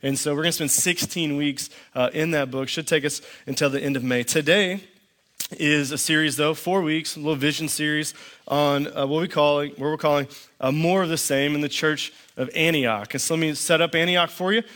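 A middle-aged male pastor delivers a sermon from the stage with a slightly high voice. His delivery is dry and understated, and he drops deadpan jokes into long personal stories. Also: normal speed. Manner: dry storytelling with quoted back-and-forth.

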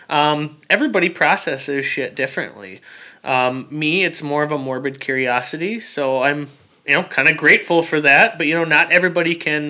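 A man, a military veteran, talking plainly in a casual interview, halting with fillers and repeated words. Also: on the high side, pushed and bright.

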